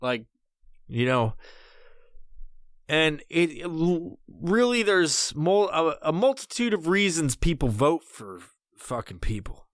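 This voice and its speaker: A man's voice: a little high, slow pace, no room sound, studio quality. A man hosting a podcast, ranting casually with lots of swearing and rambling restarts. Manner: profane, rambling, animated. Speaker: podcast host.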